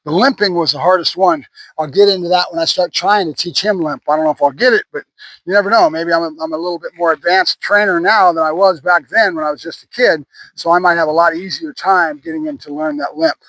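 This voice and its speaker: High-voiced man, dog trainer. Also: quick pace, a bit bright, no room sound, rough recording. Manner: praises the dog while explaining to viewers. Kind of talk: hands-on training demonstration.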